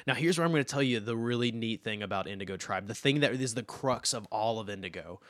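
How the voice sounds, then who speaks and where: A man in casual chat who explains comic lore with enthusiasm, often trailing off quietly. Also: on the low side, quick pace, no echo, studio quality. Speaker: podcast co-host explaining comics.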